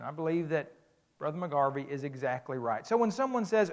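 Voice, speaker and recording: High-voiced middle-aged man preaching. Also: very animated, fairly quick. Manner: conversational, emphatic, restarts phrases. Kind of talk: sermon lecture.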